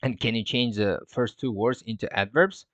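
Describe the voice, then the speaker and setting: A man's voice: medium pitch, moderate pace, a bit bright, no room sound. A man teaching an English lesson in a loose, casual way, full of fillers and self-corrections. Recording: dull, dry lo-fi sound.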